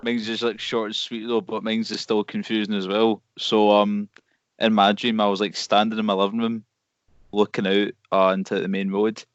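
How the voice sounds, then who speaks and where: Young Scottish male co-host, low voice, relaxed rambler, dry lo-fi recording. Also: moderate pace, dry recording. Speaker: podcast co-host. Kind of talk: casual chat among friends.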